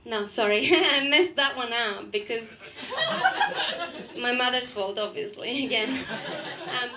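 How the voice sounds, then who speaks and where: A woman's voice: a little high, takes it slowly, pauses often, roomy sound, phone-quality sound, background noise. A woman from Russia with a Russian accent doing a crude, blunt stand-up comedy set on a club stage. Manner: blunt, crude, deadpan with frequent laughs.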